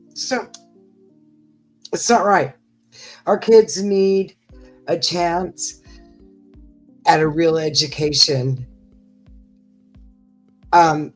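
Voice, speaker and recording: Woman, livestream co-host, lower voice, unhurried, chatty rambling stories. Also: poor audio. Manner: chatty, rambling storytelling with many fillers. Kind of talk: casual chat to viewers.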